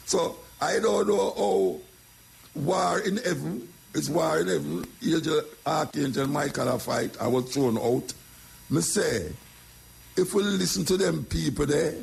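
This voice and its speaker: Older Jamaican man, gravelly and husky, telling stories in patois and repeating himself. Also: medium pitch, a little mellow. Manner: patois storytelling, repeats phrases. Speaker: radio talk host. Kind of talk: casual monologue.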